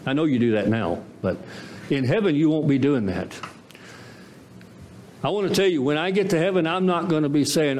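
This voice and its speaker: A man's voice: on the high side, expressive, moderate pace, slight background noise. A man preaching a sermon as pastor, emphatic and full of rhetorical questions and repeated phrases.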